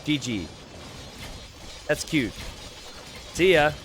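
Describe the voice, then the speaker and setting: Lively, animated male game commentator. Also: a little high, background noise. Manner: animated, excitable, quick to laugh and exclaim; chatty, asks the viewers questions. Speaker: game commentator and channel host. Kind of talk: casual gameplay commentary.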